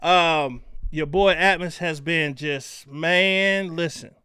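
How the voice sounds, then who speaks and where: A man hosting a casual livestream chat, loud and animated as he greets viewers. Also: a little high, takes it slowly, clean tone, no room sound, studio quality. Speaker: livestream host.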